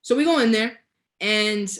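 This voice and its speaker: A woman's voice: on the high side, slow pace. Young woman guest, chatty storyteller, casual interview. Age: young adult. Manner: lively storyteller, laughs often, stretches key words. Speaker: guest, entrepreneur.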